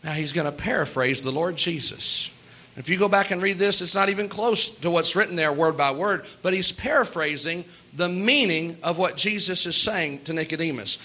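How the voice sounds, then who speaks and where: A man preaching a sermon as pastor, earnest, with quick asides and little laughs. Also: on the high side, pushed and bright.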